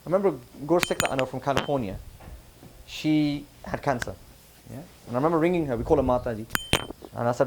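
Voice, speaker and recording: Fast-talking male speaker. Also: medium pitch, background noise. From United Kingdom. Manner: conversational, asks the audience questions. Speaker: visiting religious speaker. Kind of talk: religious lecture to a camp audience. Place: camp hall with a live audience.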